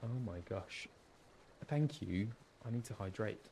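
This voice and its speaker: A man's voice: lowish voice, lively intonation, unhurried, gravelly, music in the background. A man, a voice actor, chatting casually and with many fillers while streaming a game.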